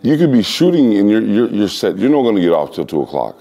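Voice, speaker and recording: Brief: a very low, mellow male voice, an interview guest who spins animated, playful anecdotes. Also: quick pace, vocal fry. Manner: animated storyteller, acts out voices and sounds.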